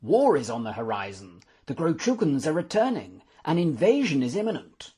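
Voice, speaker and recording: A gruff, commanding old lord , as an audiobook narrator puts him on speaks with firm authority. His husky voice rises and falls across a lively range as he lays out his orders. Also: a little high, normal speed, pitched above the performer's own voice, full character voice. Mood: stern. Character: stern elderly male lordship, commanding.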